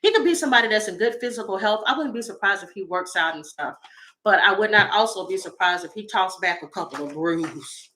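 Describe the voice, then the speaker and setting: Blunt, bright-voiced woman tarot reader. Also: mid-range voice, lively intonation, fairly quick, slight background noise, low-quality recording. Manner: blunt, profane and laughing, talking to viewers. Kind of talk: casual livestream chat.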